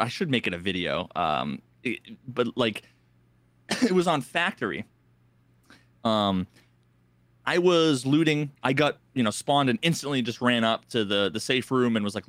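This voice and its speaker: A man co-hosting a podcast, telling a gaming story in casual, animated talk, acting out other players in quick voices and swearing freely. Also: medium pitch, dry recording. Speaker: podcast co-host.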